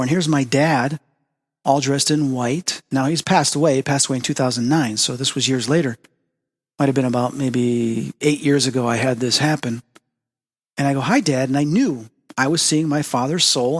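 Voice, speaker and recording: A man hosting a spiritual talk show, telling personal stories in an earnest, animated way and acting out the dialogue. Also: mid-range voice, big-room sound. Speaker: host. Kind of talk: personal storytelling monologue.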